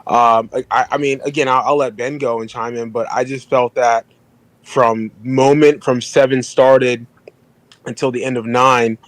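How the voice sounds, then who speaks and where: Man, podcast co-host, measured, hedging, mid pitch, dry recording. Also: steady tone, no room sound, rough recording. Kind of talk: casual podcast discussion.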